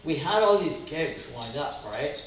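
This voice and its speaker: A man's voice: fairly high pitch, expressive, measured pace, a bit bright. Older man rambling in an echoey room. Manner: rambling, many restarts and fillers. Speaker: guest songwriter and guitarist. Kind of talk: casual chat, storytelling. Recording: echoey room, distant mic, faint noise.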